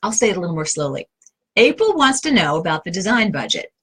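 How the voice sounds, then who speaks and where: A middle-aged interior design advisor with a New York accent hosts a live session answering viewer questions, her slightly low voice fairly bright with a breathy edge. She's very animated, chatty and direct, often restarting sentences and filling pauses with "um." The recording is rough.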